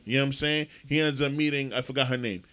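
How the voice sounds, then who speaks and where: A man co-hosting a podcast, telling stories in a lively, profane casual chat. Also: mid-range voice, fast. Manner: animated storyteller, swears freely. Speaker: podcast co-host.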